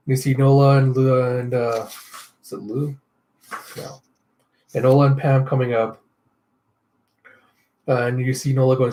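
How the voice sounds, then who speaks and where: A man casually reading a comic aloud, narrating panels with relaxed asides. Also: medium pitch, moderate pace, long pauses, a little hiss or hum. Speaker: comic readthrough host.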